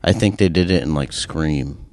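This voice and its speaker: Deep-voiced teasing young man. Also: normal speed, darkish tone, no room sound. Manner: teasing, crude, blunt ribbing. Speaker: podcast co-host. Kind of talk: casual chat.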